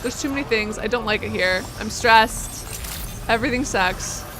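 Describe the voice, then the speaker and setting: Music plays behind a young woman streamer whose high-leaning voice moves briskly as she talks with her audience, casually exasperated at the game she's playing. There is noticeable background noise.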